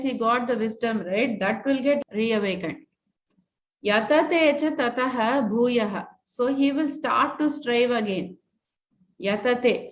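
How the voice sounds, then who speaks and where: A woman teaching scripture, chanting Sanskrit verses slowly and then explaining them word by word. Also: on the high side. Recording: echoey room.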